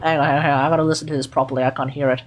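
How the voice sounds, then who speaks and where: A woman's voice: low-pitched, fairly even intonation, rapid-fire. An Australian woman live streaming, thinking aloud as she sounds out and repeats unfamiliar foreign words. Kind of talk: casual live-stream chat.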